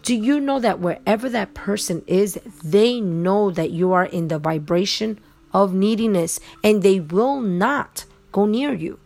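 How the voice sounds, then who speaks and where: A woman's voice: medium pitch, a little slow, vocal fry, a little mellow. A woman hosting a podcast alone, giving an earnest, insistent motivational talk that repeats its points. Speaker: podcast host. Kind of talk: motivational monologue. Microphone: podcast microphone.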